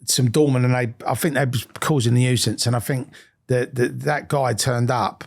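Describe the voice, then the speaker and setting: A man's voice: medium pitch, fairly even intonation, moderate pace, gravelly. A man hosting a podcast interview, mostly giving short agreements and telling a brief anecdote. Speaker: podcast host. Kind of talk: casual interview chat.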